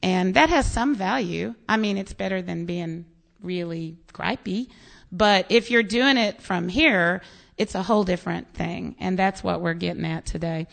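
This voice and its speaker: A woman's voice: fairly low pitch, moderate pace, vocal fry. An American woman pastor preaching a sermon, telling stories with quoted voices. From United States. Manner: animated storytelling with quoted voices and laughs.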